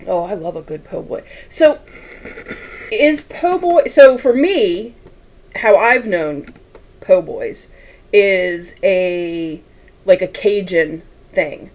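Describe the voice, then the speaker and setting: A woman talks her way through a sewing session on a livestream, easygoing and chatty. She drifts from one tangent to the next and laughs often. She speaks at a slow, unhurried pace. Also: mid-range voice, expressive, darkish tone, low-quality recording. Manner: chatty, rambling, laughs often, reads chat aloud. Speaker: quilting livestream host. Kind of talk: casual chat while sewing.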